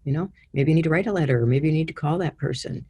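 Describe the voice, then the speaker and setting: A woman leading a guided healing exercise over a video call, giving slow, soothing instructions. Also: deep voice, mellow, husky. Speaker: guided healing session leader.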